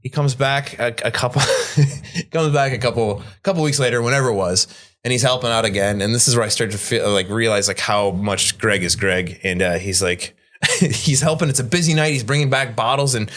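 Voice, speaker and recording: A man's voice: mid-range voice, brisk, fairly bright tone. A man, a bartender guest on a podcast, telling a story casually and acting out the people he quotes in raised voices. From Midwest United States.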